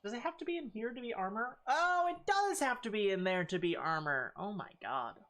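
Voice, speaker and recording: A woman's voice: mid-range voice, sing-song, brisk, fairly bright tone. A woman streaming a game, chatting casually with a playful, sarcastic manner and loose swearing. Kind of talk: casual gaming stream chat.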